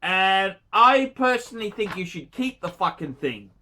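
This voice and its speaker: An Australian man lays into a viewer in an off-the-cuff watch review, swearing freely and talking bluntly. His voice is bright and forceful, with a scolding edge. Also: sits high, sing-song, a little slow. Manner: blunt, heavily profane, scolding. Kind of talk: unscripted paid review rant.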